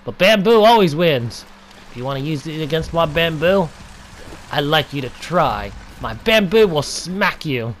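Young male gameplay commentator, slightly high voice, playful taunts, theatrical outbursts. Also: a little hiss or hum. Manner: playful, taunting enemies, drawn-out mock-dramatic shouts.

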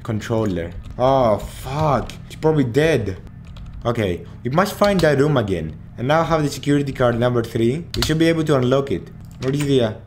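A man commentating a horror game, swearing freely and breaking into panicked shouts at the scares. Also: mid-range voice, lively intonation, normal speed, slight background noise. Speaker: gaming channel host.

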